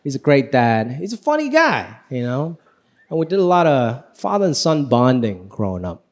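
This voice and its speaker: A man performing live stand-up comedy, telling stories with high energy. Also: moderate pace. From Los Angeles. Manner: animated, high-energy storytelling. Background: audience laughing.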